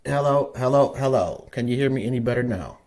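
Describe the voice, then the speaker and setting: A man's voice: medium pitch, brisk, darkish tone. A man hosting a podcast interview over a remote call, casual and profane, repeatedly checking whether his guest can hear him. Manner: loose and profane, frustrated with tech trouble. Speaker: podcast host.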